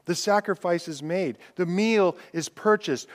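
A male pastor preaches in a church sanctuary, his smooth, resonant voice set a little high. He swings between loud declarations and hushed, drawn-out words, and he reads scripture with rising intensity. A long reverb from the large hall trails each phrase. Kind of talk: sermon.

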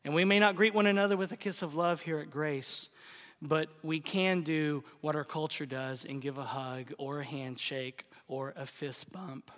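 High, bright-voiced pastor preaching in a hall. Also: male voice, normal speed. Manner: animated storytelling with rhetorical questions. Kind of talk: sermon. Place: church sanctuary.

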